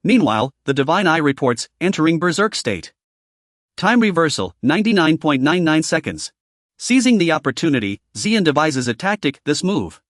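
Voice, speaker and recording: A man's voice: a little high, big pitch swings, moderate pace, fairly bright tone, no echo, studio quality. A man narrating a story recap in a scripted, dramatic storytelling voice.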